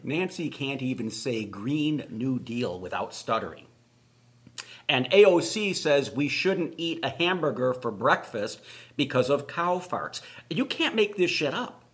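A man's voice: mid-range voice, big pitch swings, unhurried. A man co-hosting a political talk show, indignant and mocking. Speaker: show co-host. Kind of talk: political commentary chat.

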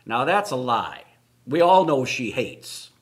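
Indignant man in lively political chat. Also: medium pitch, slow pace. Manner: indignant, mocking. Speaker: show co-host.

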